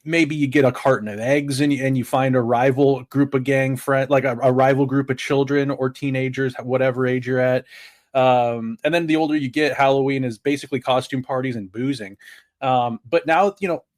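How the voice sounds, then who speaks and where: A man's voice: mid-range voice, fairly even intonation, moderate pace, dry recording, clean studio sound. Chatty man in his thirties. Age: 30s. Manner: rambling, chatty storyteller. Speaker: podcast co-host. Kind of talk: casual sports podcast chat.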